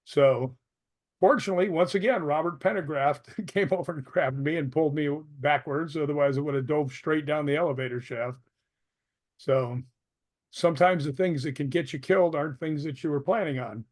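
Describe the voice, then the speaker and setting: This retired stuntman is an older man with a fairly high-pitched voice who talks at normal speed as a guest in a casual interview. Full of energy as a storyteller, he laughs and performs people's quotes as he goes.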